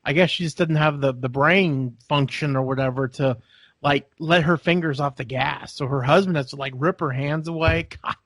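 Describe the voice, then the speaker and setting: Guy on a podcast telling a long story, kinda high voice, puts on voices, laughs a lot, dry close mic. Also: moderate pace, fairly bright tone, no echo. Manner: rambling storyteller, acts out voices, laughs often. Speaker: podcast co-host. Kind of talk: casual storytelling chat.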